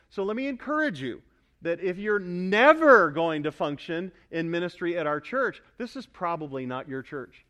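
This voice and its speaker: A male pastor preaching a sermon to his congregation, emphatic, asking them for responses and building to loud pointed repetition. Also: sits high. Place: church sanctuary.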